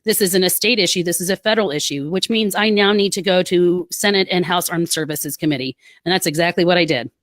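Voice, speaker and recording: A woman, a military spouse telling her story in a podcast interview, earnest and quick with asides. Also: fairly low pitch, no room sound. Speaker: guest, military spouse advocate.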